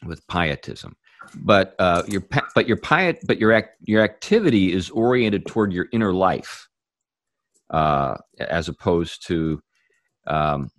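A man hosting a casual discussion, tentatively thinking out loud. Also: deep voice, animated, a little slow, dry recording, studio quality.

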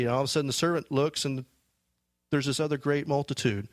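Talking a little fast with fairly even intonation, a medium-pitched preacher reads scripture and explains it in a relaxed, conversational sermon. Restarts and fillers come frequently, and there's no room sound.

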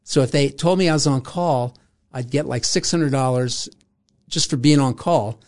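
An older man recounting a past adventure in an easygoing, rambling way. He laughs often and slips into quick impressions of the people he quotes. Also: mid-range voice, a little mellow. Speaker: interview guest. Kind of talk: casual storytelling.

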